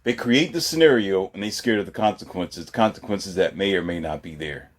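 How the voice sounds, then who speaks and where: A man co-hosting a casual commentary chat, animated and often mocking others. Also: fairly quick. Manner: animated, slips into mocking high voices. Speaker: podcast co-host.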